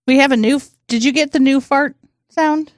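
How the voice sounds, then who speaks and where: A woman's voice: high voice, fairly even intonation, normal speed, no room sound. Woman, podcast co-host, casual banter, playful, dry close sound. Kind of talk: casual chat.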